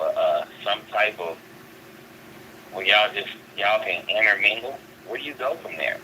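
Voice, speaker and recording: Male guest caller, low voice, very bright tone, earnest, stumbles and restarts. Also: a little hiss or hum, low-quality recording. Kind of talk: casual talk.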